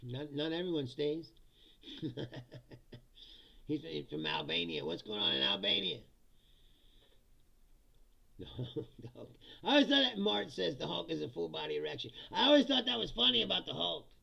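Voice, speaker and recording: Gravelly, animated man ranting on a stream. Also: fairly high pitch, normal speed, long pauses, muffled recording. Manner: laughs often, profane, reads chat comments aloud and answers. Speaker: livestream host reading chat. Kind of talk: casual ranting political comedy stream.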